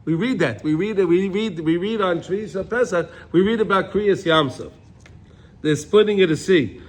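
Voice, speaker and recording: A man teaching a Torah class, reading Hebrew lines and explaining them in English with many restarts, sometimes crying out loudly. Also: high-pitched, normal speed. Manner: animated, cries out loudly when acting out a prayer.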